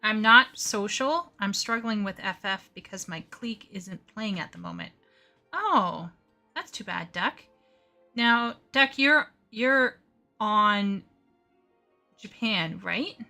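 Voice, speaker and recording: Slow-talking bright-voiced woman streamer. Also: mid-range voice, lively intonation, faint music behind. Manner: chatty, flustered, talks to chat while playing. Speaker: live streamer. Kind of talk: casual gaming livestream chat.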